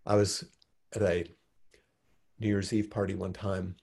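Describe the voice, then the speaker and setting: A man teaching in a group discussion, answering a question in a calm, reflective way. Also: low-pitched, a little slow, gravelly, slightly rough. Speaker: meditation teacher.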